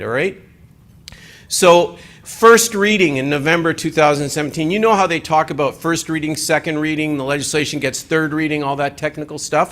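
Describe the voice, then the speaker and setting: A man giving a presentation at an assembly, talking in an animated, conversational way with joking asides. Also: on the high side. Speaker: conference speaker.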